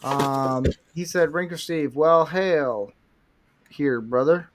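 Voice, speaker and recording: A man's voice: a little high, slow. A foul-mouthed man hosting a livestream, rambling in casual crude chat while he builds a Lego set. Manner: foul-mouthed, rambling, self-described redneck. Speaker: livestream host.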